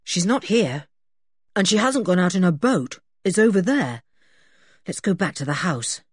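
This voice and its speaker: A woman's voice: fairly low pitch, unhurried, slightly rough, no room sound, studio quality, full character voice. A woman voicing a sober, sensible older boy who takes charge, in a storybook reading. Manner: steady, matter-of-fact.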